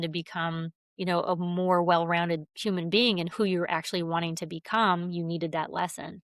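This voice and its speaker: A woman with a fairly low voice speaks in an earnest, open way as a podcast guest. She keeps acting out her own inner thoughts as she goes. The sound is dry and close, with no room echo. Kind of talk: reflective conversational interview.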